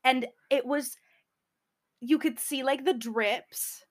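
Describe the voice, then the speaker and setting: A woman's voice: high-pitched, steady tone. Young woman co-host, dramatic and drawn out. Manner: dramatic, drawn-out storytelling, reacting with laughs. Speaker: podcast co-host. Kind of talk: casual chat.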